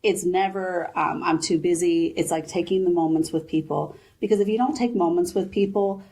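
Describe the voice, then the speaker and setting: A woman in her forties, a business founder, chatting in an interview and retelling advice in lively quoted voices. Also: on the low side, a little fast. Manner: animated storyteller, quotes her mother. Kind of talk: casual interview chat.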